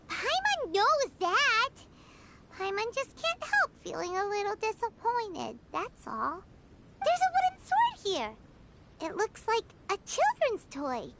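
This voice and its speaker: Paimon, a squeaky fairy sidekick. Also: female voice, sharp tone, slight background noise, heavily acted. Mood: disappointed. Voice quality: high squeaky childlike voice. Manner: talks about herself in the third person. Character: tiny flying fairy girl companion, chirpy. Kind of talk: video game voice acting. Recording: game audio with music behind.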